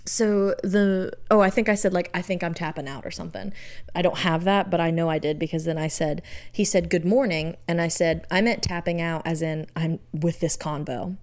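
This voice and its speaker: A woman's voice: on the low side, fairly even intonation, moderate pace, darkish tone. A young woman co-hosting a podcast, retelling a dating story by reading out text messages, often laughing. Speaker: podcast co-host. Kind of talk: casual chat, retelling a date story.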